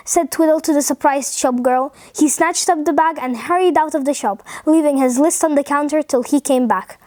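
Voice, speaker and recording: A woman reading a funny children's story aloud, cheerful and expressive. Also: high voice, normal speed, few pauses, no echo. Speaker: storybook reader.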